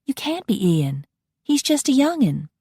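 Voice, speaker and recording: A woman's voice: high voice, big pitch swings, a little slow, dark tone, husky, dry recording, clean studio sound, voice pushed up, exaggerated voice. A woman voicing a prim, sweet Southern belle vampire barmaid with a Southern accent and a sugary drawl. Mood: indignant. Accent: American Southern.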